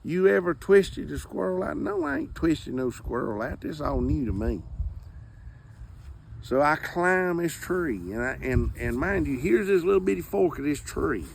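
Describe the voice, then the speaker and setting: A man's voice: a little high, sing-song, normal speed, creaky, slight background noise. A man telling a comic hunting story in a drawling, folksy way. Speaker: storyteller comedian.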